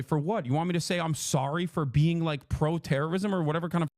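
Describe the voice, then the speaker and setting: A man pours out a heated livestream rant, cursing and mocking his critics in sarcastic put-on voices. His voice sits a little high for a man. The sound is dry and close. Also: quick pace, a little mellow, no echo. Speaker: political livestreamer. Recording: played clip inside a reaction stream.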